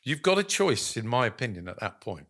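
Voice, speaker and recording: A man's voice: medium pitch, big pitch swings, brisk, fairly bright tone. A man talking as a guest in a casual business chat, telling stories animatedly, acting out quotes and using many ums and uhs.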